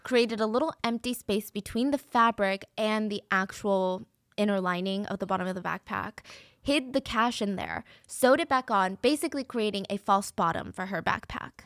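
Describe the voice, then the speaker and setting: A woman's voice: mid-range voice, normal speed, a bit bright, dry recording, studio quality. A woman hosting a true crime podcast, telling the story in a chatty, conversational way. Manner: chatty, conversational, acts out quotes.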